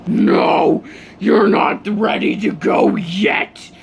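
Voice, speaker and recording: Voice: medium pitch, fairly even intonation, extremely slow, gravelly, a little hiss or hum, full character voice. A storyteller voicing an enraged teenage boy hero who snarls his lines. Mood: menacing.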